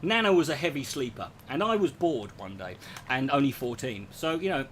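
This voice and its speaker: A man's voice: medium pitch, lively intonation, normal speed, fairly bright tone, slight background noise. A man performing a stand-up comedy routine, rambling and profane, slipping into impressions.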